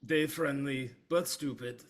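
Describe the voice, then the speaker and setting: A man's voice: medium pitch, slow, voice pushed up, lightly acted. A man voicing a blunt male wolf hunter who speaks in short, broken phrases. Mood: grumpy. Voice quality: broken, clipped speech.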